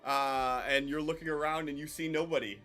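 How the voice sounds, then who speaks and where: A man's voice: on the high side, steady tone, a little fast, sharp tone, faint music behind. A man narrating as game master of a tabletop game, hesitant and full of ums and uhs.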